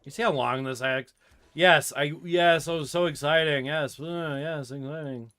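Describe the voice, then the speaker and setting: A man streaming a video game, chatting casually and muttering to himself between loud outbursts. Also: on the high side, steady tone, unhurried, no room sound. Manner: swears and laughs loudly at game moments, mutters otherwise. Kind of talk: casual gameplay commentary.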